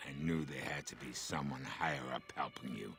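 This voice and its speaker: Gravelly deep gang boss. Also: male voice, a little fast, fairly bright tone, faint music behind, heavily acted. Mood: furious. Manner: menacing, swearing, blunt. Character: ruthless male gang boss, threatening. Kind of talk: video game voice acting.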